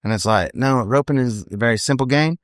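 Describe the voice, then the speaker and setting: A man in his thirties tells rodeo stories at a rapid clip, rambling and animated, checking in with "you know what I mean". His voice sits close and dry, at a middle pitch. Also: dry recording. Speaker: professional team roper, podcast guest. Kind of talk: casual storytelling in a podcast interview.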